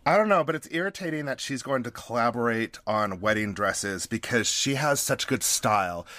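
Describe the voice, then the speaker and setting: Animated young man joking on a podcast. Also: mid-range voice, normal speed, hardly any pauses, no echo. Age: young adult. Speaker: podcast co-host. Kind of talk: casual recap chat.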